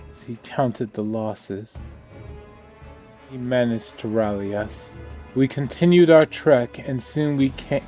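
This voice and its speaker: A man's voice: mid-range voice, dark tone, natural voice. A man reading the lines of a weary woman survivor in a game, telling a grim story in a subdued, somber way. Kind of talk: reading game dialogue aloud.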